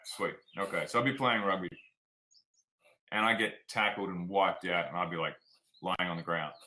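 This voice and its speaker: Man, Australian accent, interview guest, frank storyteller, deep pitch. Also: steady tone, normal speed, bright, forceful tone, rough recording. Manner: frank and plainspoken, drops "like" and "man". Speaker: guest, performance coach.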